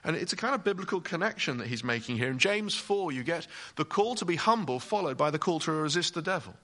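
A man's voice: a little high, expressive, fast talker, sharp tone. A man preaching a sermon in an emphatic way, speaking directly to his listeners.

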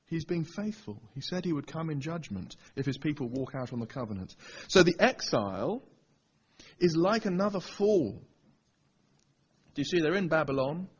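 A man's voice: on the high side, sing-song, brisk, few pauses, breathy edge, lo-fi sound. A man preaching a Bible teaching sermon, pressing his listeners with rhetorical questions. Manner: asks the audience rhetorical questions.

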